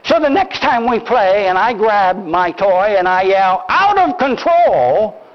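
An older man preaching a sermon, telling a story in an animated, deliberate way, heard on a dull lo-fi recording. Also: high voice. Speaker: pastor.

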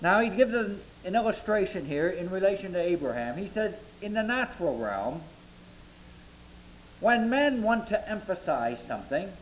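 A man pastor preaching a sermon, reading scripture aloud and slowing down to stress its key words. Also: sits high, big pitch swings, fairly bright tone, low-quality recording.

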